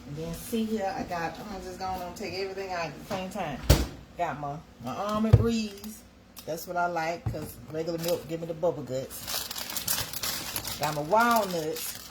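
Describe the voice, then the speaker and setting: A woman's voice: fairly low pitch, unhurried, heavy background noise. Folksy woman chatting with viewers. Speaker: livestream host. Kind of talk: casual livestream chat.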